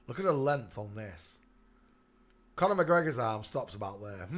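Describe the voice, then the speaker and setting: A man hosting his channel, giving mocking commentary over photos and calling out to the viewer. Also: mid-range voice. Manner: jeering, talks to the viewer, breaks into laughter. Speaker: channel host.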